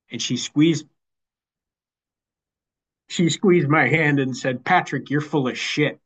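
A man giving a personal recovery share as the keynote speaker, halting and repeating words as he goes. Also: medium pitch, a bit bright, muffled recording. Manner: halting, repeats words while finding them. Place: online meeting.

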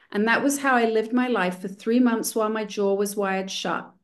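A woman's voice: on the high side, steady tone, moderate pace, few pauses. A woman telling her own recovery story at a meeting, candid and self-mocking with dry humor. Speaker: speaker sharing a recovery story. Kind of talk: personal testimony at a recovery meeting.

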